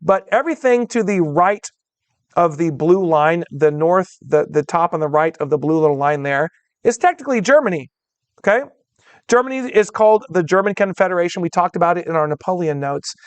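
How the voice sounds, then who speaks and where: A man's voice: fairly high pitch, fairly quick, no room sound. A man teaching a history lecture in a conversational way, calling his students "guys" and checking in with "all right?" as he goes. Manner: acts out voices of historical groups in quotes. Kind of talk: recorded classroom lecture.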